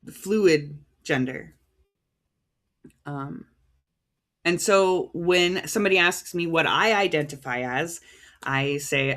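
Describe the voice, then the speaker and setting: A woman's voice: low-pitched, fairly bright tone. American woman preaching a casual livestream sermon. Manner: conversational, halting, stops to reread cited titles.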